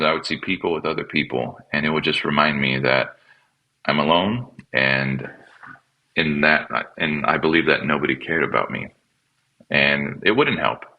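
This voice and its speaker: A man, a pastor and podcast guest, telling his personal story in a halting, reflective way and often repeating words as he restarts. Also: rumbling low, lo-fi sound. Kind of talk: personal testimony in conversation.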